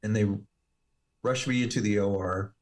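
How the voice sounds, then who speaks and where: A man speaks as an interview guest, recounting his own story with steady, earnest care. His voice sits a little on the low side. He talks like a firefighter and paramedic who has told this before. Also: normal speed. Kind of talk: personal testimony in an interview.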